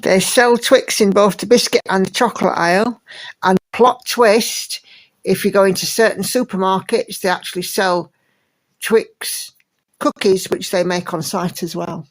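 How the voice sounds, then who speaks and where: A woman's voice: medium pitch, fairly even intonation, unhurried, low-quality recording. English lady chatting on a livestream, reads out comments, lots of likes and ums. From England. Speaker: livestream host. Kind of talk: casual chat reading viewer comments.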